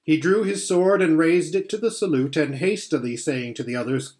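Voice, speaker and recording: A man reading a children's fantasy novel aloud in a measured, steady way, with the odd slip. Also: a little high. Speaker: audiobook reader. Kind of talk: storybook narration.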